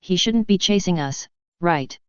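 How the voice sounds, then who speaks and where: A woman voicing a shrewd male pirate first mate in an audiobook, read in a plain, even way. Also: lowish voice, a little slow, smooth, dry recording. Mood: grumbling. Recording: dull dry lo-fi audio.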